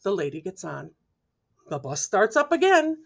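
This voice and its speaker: A woman reading a children's picture book aloud slowly and clearly, imitating the sounds in the story with playful mouth noises. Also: medium pitch, sing-song. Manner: slow, clear reading to young listeners. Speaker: storybook reader.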